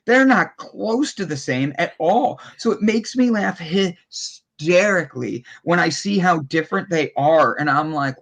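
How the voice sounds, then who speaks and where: A man from Ohio with an Ohio accent, a podcast guest in casual conversation who tells animated stories, playfully exaggerates and laughs. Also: fairly high pitch, measured pace, hardly any pauses. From Ohio, United States.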